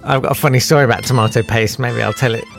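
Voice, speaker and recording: A man's voice: medium pitch, steady tone, rapid-fire, gravelly, soft background music. A man hosting a radio show, rambling through comedic chat with lots of ums, tangents and self-amused asides. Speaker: radio host.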